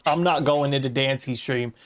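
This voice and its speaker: A man's voice: mid-range voice, normal speed. An American man co-hosting a podcast in casual chat, rambling and laughing often, with some swearing. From United States. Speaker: podcast co-host.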